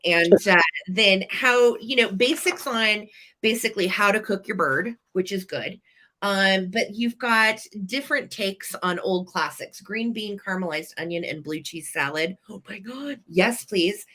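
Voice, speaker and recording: A woman hosting a live vintage sale stream, chatting enthusiastically as she pitches each item. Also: a little slow, bright, forceful tone. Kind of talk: live-stream sales chat.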